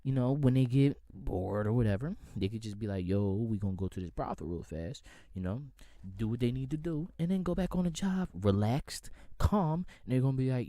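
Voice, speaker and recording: A man hosting a podcast, ranting in a heated, comedic way, swinging from loud outbursts to low mutters. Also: fairly quick, dry recording. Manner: animated, profane, swings from shouting to low mumbling. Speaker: podcast host.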